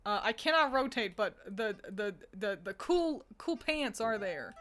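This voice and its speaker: A woman's voice: mid-range voice, animated, a little slow, few pauses, fairly bright tone. A young woman from the United States streaming and chatting casually with her viewers, rambling with frequent laughter and restarts. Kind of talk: casual chat with chat readers.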